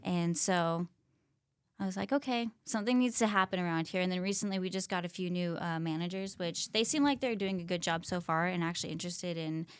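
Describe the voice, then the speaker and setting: A woman's voice: lowish voice, brisk, clean tone. A young woman, a personal trainer, chatting casually as a podcast guest with lots of fillers and quoted asides. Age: young adult. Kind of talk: casual chat.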